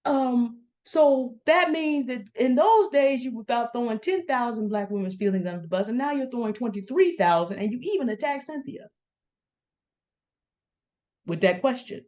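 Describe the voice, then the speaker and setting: A woman's voice: a little high, lively intonation, moderate pace, darkish tone. A middle-aged woman giving pointed, confrontational commentary, speaking straight to the people she calls out by name. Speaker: commentary host. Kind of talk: direct-address commentary. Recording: dull lo-fi sound.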